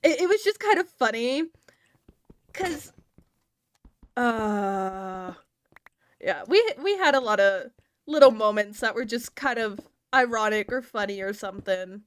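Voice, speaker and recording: A woman's voice: a little high, lively intonation, measured pace, pauses often, clear, resonant tone, no room sound. A woman from the American South with a Southern accent, rambling casually to her stream chat and laughing often.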